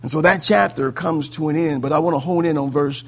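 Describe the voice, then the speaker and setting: A man preaching a sermon, fervent and prone to saying amen, swinging between loud exclamations and quiet asides. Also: a little high, a little fast.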